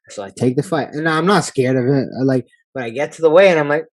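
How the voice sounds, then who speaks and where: A man's voice: fairly high pitch, fast, few pauses, dry recording. A man hosting a casual podcast interview, a fighter himself, telling stories in a blunt, laid-back way with plenty of swearing. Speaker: podcast host and MMA fighter.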